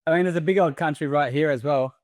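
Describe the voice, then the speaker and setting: A man's voice: on the high side, quick pace, darkish tone, no echo, clean studio sound. An Australian man in his forties, a podcast guest talking earnestly and emphatically, pressing his points with repeated short phrases. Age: 40s. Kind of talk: casual podcast conversation.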